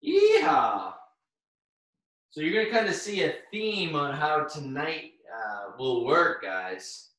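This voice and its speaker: A man's voice: a little high, animated, measured pace, pushed and bright. A man leading a live online workout class, cheering on participants by name and getting out of breath as he exercises along. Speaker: fitness instructor. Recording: very echoey room, far from the mic.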